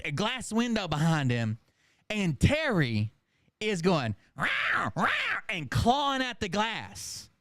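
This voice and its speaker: Animated, high-pitched man telling a funny story. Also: no room sound, studio quality. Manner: animated, profane, keeps cracking up. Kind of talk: casual comedic storytelling.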